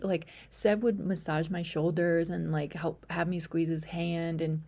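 A woman's voice: on the low side, little pitch movement, unhurried, few pauses, mellow. A young woman podcast host telling a personal story in a chatty way, full of fillers, sometimes dropping to a whisper.

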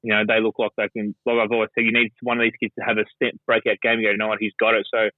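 A man's voice: on the low side, completely flat delivery, rapid-fire, no echo. Rambling Australian man on a phone line. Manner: rambling, sweary, heavy on fillers. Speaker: guest pundit. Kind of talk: casual sports chat. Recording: dry phone-line call.

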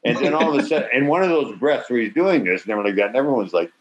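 An older man on a video call telling an animated anecdote, acting out quotes with swearing and sudden loud bursts. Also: mid-range voice, rapid-fire, slight background noise. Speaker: actor interview guest. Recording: slightly muffled video-call audio.

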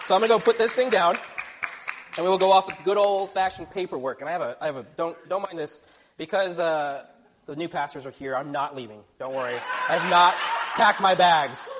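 A young man from Texas, serving as youth pastor, preaching a lively, joking sermon in a church. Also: a little high, brisk, background noise. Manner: energetic, joking, playful asides. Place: church sanctuary. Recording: reverberant church hall.

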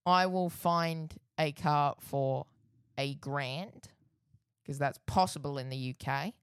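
An Australian podcast co-host chats casually, rambling, correcting himself, and laughing easily. His voice is a little high and slow-paced with a clean tone, captured in clean, echo-free studio sound.

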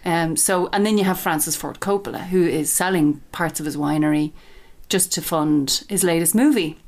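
A woman's voice: sits low, normal speed, creaky, darkish tone. A woman who works in the wine business, co-hosting a podcast in a thoughtful, hesitant way with many restarts. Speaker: wine expert co-host. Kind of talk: casual chat.

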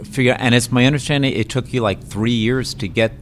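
A man hosting an interview, conversational and quick with asides as he guides the guest. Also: medium pitch, a little hiss or hum. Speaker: interview host.

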